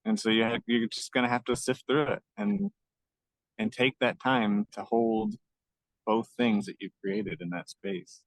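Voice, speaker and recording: A man co-hosting a podcast, explaining his ideas earnestly and gently in a casual conversation. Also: lowish voice, measured pace, dry recording, rough recording. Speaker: podcast co-host.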